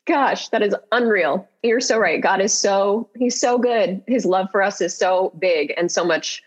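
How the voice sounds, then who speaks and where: A woman's voice: mid-range voice, unhurried. A woman hosting a podcast, speaking in an effusive, gushing way to her guest. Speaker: podcast host. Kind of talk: warm podcast interview.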